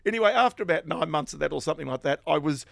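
A middle-aged Australian man telling lively anecdotes in a casual interview, with chuckling asides. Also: a little high, racing, creaky, no echo, studio quality. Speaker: guest, finance journalist.

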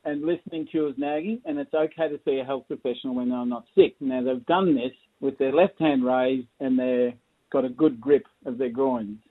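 A man's voice: mid-range voice, normal speed. Australian man with a tinny phone-line sound. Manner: jokey, chuckling storyteller. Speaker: guest consultant. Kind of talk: casual interview storytelling.

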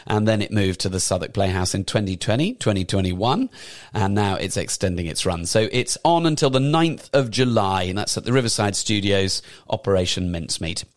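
A man's voice: on the low side, fairly quick, no echo, studio quality. Chatty enthusiastic man on theatre news. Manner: enthusiastic, rambling, self-correcting with asides. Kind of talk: casual chatty show roundup.

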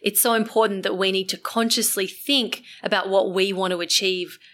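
A woman's voice: mid-range voice, fairly even intonation, normal speed, a bit bright. A woman hosting a podcast, asking upbeat, curious questions. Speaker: podcast host. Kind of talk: podcast interviewing.

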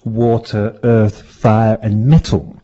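Jokey rambling man, dark husky voice. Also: fairly low pitch, level tone, slow pace. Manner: jokey, rambling, self-mocking, trails off. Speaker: radio show segment presenter. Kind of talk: playful casual chat. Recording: dull lo-fi radio recording.

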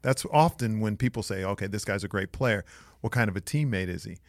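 Joking man, low voice. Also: fairly quick, no room sound, clean studio sound. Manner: joking, laughs often, relaxed. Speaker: podcast co-host. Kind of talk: casual sports chat.

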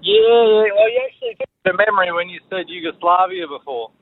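Loud, excitable Australian caller on phone. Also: male voice, high-pitched, brisk. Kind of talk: phone-in anecdote. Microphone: telephone. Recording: tinny phone line.

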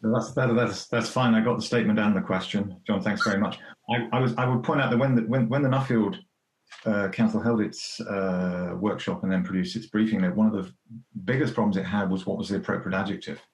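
UK philosopher, measured and hesitant, low voice, echoey room. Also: male voice, fairly even intonation. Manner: measured, hesitant, with many fillers and restarts. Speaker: philosopher on a conference panel. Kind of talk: conference debate.

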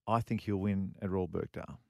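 A middle-aged man rambles through a story on a golf chat show, circling back and repeating himself as he goes. His voice sits fairly low, and the sound is close and dry, with no room around it. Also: a little fast, vocal fry, dry recording. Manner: rambling, repeats phrases, many fillers. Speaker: co-host and former pro golfer. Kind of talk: casual radio chat, storytelling.

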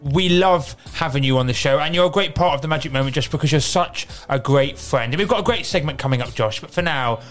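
A man hosting a radio show, rambling and joking, stammering when excited. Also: a little high, fast, hardly any pauses, soft background music. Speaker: radio host. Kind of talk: playful radio banter.

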